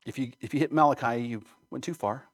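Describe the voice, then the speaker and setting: A man's voice: mid-range voice, fast. A male pastor preaching a sermon, emphatic, often checking in with rhetorical questions.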